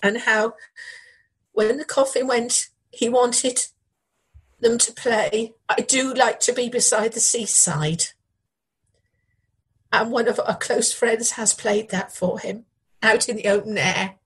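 A middle-aged woman, a bereaved widow, speaking in an interview in a halting, grieving way and repeating her words. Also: a little high, steady tone, a bit bright, breathy edge, poor audio. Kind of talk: emotional news interview.

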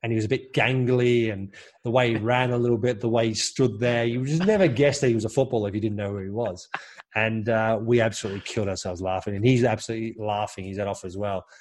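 A man's voice: lowish voice, steady tone, fast talker, darkish tone. A former footballer recalling stories in casual chat, rambling and correcting himself as he goes. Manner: rambling, self-correcting anecdotes.

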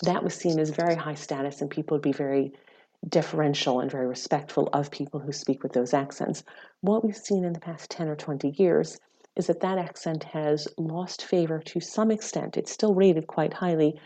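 Woman, low voice, mellow tone, measured academic explanation, podcast guest. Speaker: psychology lecturer, podcast guest.

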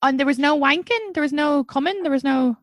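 A woman hosting a podcast in casual chat, giggly and quick to react. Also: high voice. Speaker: podcast host.

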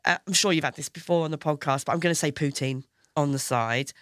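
Bright-voiced chatty woman, dry studio sound. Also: sits low, fast talker, no echo. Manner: chatty, laughs often, restarts. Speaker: comedian guest. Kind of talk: casual chat.

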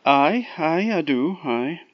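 Older guy doing a shy scottish young fool, raised louder voice, stammery and sheepish. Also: on the high side, expressive, slow, dry recording, dull audio, pitched above the performer's own voice. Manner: sheepish, hesitant, folksy dialect. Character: simple, bashful young man, a fool.

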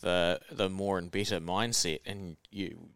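Deep, smooth-voiced New Zealand man. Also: fairly even intonation, measured pace, a bit bright, no room sound. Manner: laid-back, joking, swears casually. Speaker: podcast co-host. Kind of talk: casual chat.

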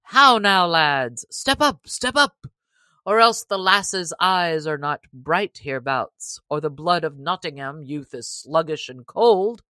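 Swaggering male braggart, read by a woman, loud mocking challenges, bright edge. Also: deep voice, big pitch swings, slow, no room sound, exaggerated voice. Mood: taunting. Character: boastful male champion cudgel fighter, taunting.

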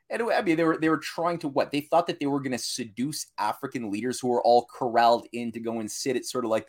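A man appearing as a podcast guest in casual political talk, rambling and listing things with many fillers. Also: medium pitch. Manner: rambling, loose with fillers, lists items.

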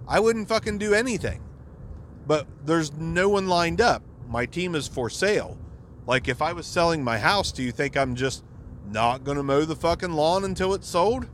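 On his podcast, a man delivers a profane, exasperated rant packed with swearing. He speaks at normal speed in a somewhat high, slightly bright voice with lively intonation, and there's a faint hiss or hum.

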